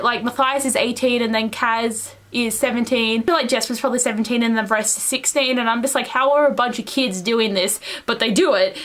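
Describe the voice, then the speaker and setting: Young woman, fairly high voice, gushing book review, rambling, excitable. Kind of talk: casual chat.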